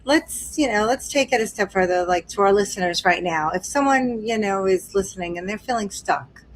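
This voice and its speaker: A woman's voice: mid-range voice, lively intonation, normal speed. A woman hosting a podcast interview, asking earnest, searching questions. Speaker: podcast host.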